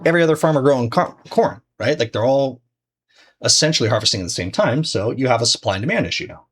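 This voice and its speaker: A man's voice: mid-range voice, lively intonation, quick pace, fairly bright tone, breathy edge. A man teaching trading in a loose, conversational way, full of fillers and restarts. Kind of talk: casual explanatory lesson.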